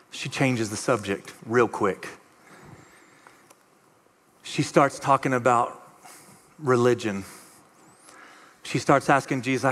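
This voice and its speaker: A man preaching a conversational, animated sermon as pastor, acting out the voices of the people he quotes. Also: medium pitch, big-room sound. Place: church auditorium.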